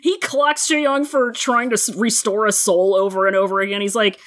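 A woman's voice: medium pitch, fairly even intonation, moderate pace, few pauses. A woman co-hosting a podcast, retelling a show in casual chat, laughing often and swearing freely. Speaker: podcast co-host.

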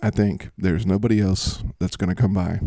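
A man's voice: sits low, fairly even intonation, normal speed, mellow, no echo. A man hosting a casual comedy podcast, rambling and poking fun at his own bits. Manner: rambling and self-mocking. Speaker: podcast host.

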